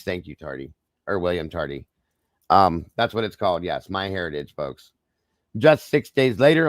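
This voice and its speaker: A man with a lowish voice runs a true crime livestream, reading reports and commenting casually while calling his viewers "guys," often saying "okay" and apologizing. Strain shows as he tries not to lose it. His streaming microphone delivers studio-quality sound with no room tone.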